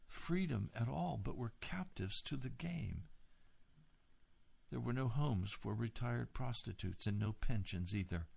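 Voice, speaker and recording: A man reading a memoir aloud as an audiobook, in a measured, steady way. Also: medium pitch, creaky. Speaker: audiobook reader. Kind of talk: scripted memoir narration.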